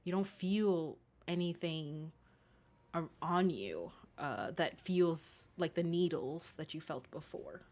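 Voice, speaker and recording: Woman narrating a tabletop game, lowish voice. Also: expressive, takes it slowly, darkish tone. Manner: hesitant, full of fillers, descriptive. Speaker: game master.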